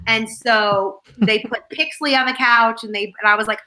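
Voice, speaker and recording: A woman's voice: on the high side, steady tone, moderate pace, sharp tone, rough recording. An actress, a woman, chatting as a guest and rambling through behind-the-scenes stories. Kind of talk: casual chat.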